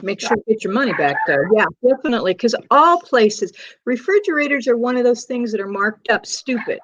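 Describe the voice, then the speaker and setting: A woman's voice: fairly high pitch, animated, a little fast, fairly bright tone, dry recording. Advising woman host, dull lo-fi sound. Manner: advising, storytelling. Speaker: host of a panel chat show. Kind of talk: casual chat. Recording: dull lo-fi webcam audio.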